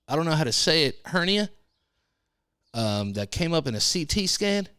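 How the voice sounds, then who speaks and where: A man's voice: fairly high pitch, sing-song, moderate pace, long pauses, a bit bright, clear, resonant tone, dry recording, clean studio sound. A man hosting a podcast, telling a casual rambling story and cursing freely. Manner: rambling, swears freely, laid-back storytelling. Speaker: podcast host. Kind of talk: casual monologue.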